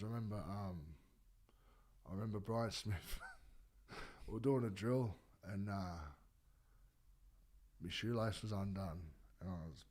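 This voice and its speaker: Give me an Australian man with a low voice who rambles and swears. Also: a little mellow. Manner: rambling, swears freely, many fillers and restarts. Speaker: guest, former rugby league player. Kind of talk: casual interview chat.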